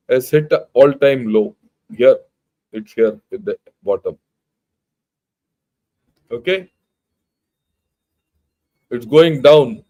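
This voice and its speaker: A man's voice: medium pitch, darkish tone, rough recording. An older man with an Indian English accent giving an informal, emphatic talk, blunt and full of rhetorical questions. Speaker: retired army general giving a talk. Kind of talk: informal lecture.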